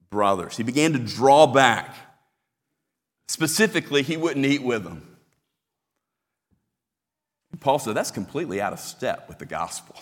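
A man preaching a sermon as pastor, explaining a passage with emphatic repetition. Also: medium pitch. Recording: long hall reverb.

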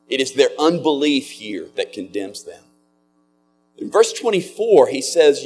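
A man preaching a sermon as a pastor, earnest and slowing down on key words. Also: mid-range voice, sing-song, faint music behind.

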